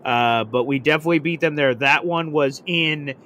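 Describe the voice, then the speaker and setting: A man hosting a live sports reaction show, telling fan stories with bursts of excited swearing. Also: on the high side, moderate pace, a little hiss or hum. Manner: excitable storyteller, acts out shouting and swearing. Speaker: host.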